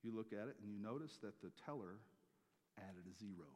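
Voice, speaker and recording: Male pastor delivering a sermon; very expressive, punches key words then drops low, echoing sanctuary. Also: a little fast. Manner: animated, swings between loud emphatic peaks and quiet asides.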